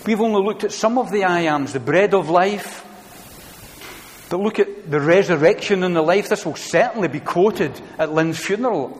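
Preacher guy, kinda high voice, earnest, gets loud and repeats himself, big churchy reverb. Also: slight background noise. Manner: earnest, builds to loud emphatic declarations with repeated phrases. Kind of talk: sermon. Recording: long reverb of a church hall.

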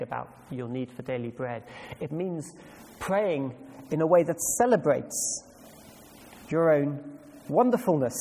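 A man's voice: a little high, darkish tone. A man preaching a sermon with emphasis, putting questions to his congregation. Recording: long reverb hall, faint ambience.

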